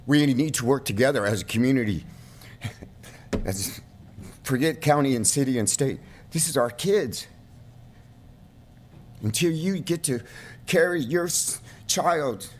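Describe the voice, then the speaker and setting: At a podium microphone in a county board council chamber, a middle-aged man delivers an emotional public comment. His slightly high voice climbs toward shouting at its peaks.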